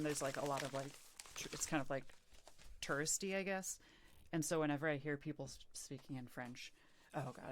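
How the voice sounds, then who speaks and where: A woman's voice: sits low, a little hiss or hum. A woman chatting casually on a livestream, rambling with lots of fillers, restarts and swearing. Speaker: streamer. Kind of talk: casual rambling stream chat.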